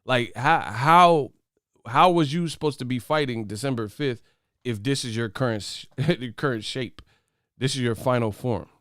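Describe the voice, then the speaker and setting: A brash man riffing straight to his viewers, profane and mocking as he trash-talks a fighter. His voice sits at an ordinary pitch for a man, recorded close and dry with no room around it. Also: normal speed, fairly bright tone, no room sound. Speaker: host of a boxing commentary channel. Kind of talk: casual commentary to camera.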